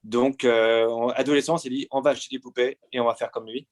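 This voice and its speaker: Guest artist, man from France, forties, mid-range voice, halting delivery full of fillers. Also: mid-range voice, fairly even intonation. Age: 40s. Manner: hesitant, many pauses and fillers. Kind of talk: answering interview questions.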